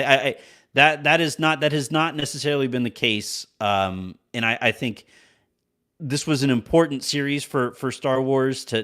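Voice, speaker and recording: A man's voice: medium pitch, bright, forceful tone. A man hosting a podcast, chatting casually with many restarts and laughing at his own jokes. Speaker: podcast host.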